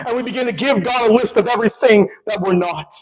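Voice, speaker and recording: A man in his thirties, a pastor preaching a sermon, who swings from quiet talk to shouting and acts out the dialogue in his stories. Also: high voice, fast, low-quality recording.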